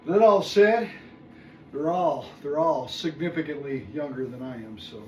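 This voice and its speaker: A man's voice: a little high, measured pace, recorded from a distance, lo-fi sound. A man in his sixties, out of breath, counting reps aloud during a workout vlog and groaning and muttering between sets. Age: 60s. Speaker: fitness vlogger. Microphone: phone camera set at a distance. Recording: echoey room, phone from afar, background noise.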